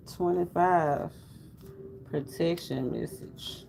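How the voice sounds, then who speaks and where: Speaking slowly and unhurriedly, a man with a slightly high, somewhat mellow voice gives a casual tarot reading for his viewers. His intonation stays fairly even, yet he circles back over phrases with a loose, preacher-like rhythm and breaks off to address the audience. The audio is poor, with a faint hum underneath.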